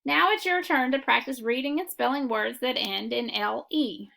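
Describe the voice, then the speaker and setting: A woman teaching a phonics lesson to children, talking slowly and deliberately. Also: high-pitched, creaky, a bit bright. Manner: slow, deliberate instructional delivery.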